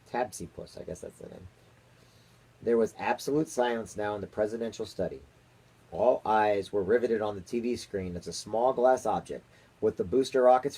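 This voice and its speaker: A man's voice: lowish voice, mellow, breathy edge. A man, a father reading a children's chapter book aloud to his daughter in a casual way. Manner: casual read-aloud, occasional chuckles.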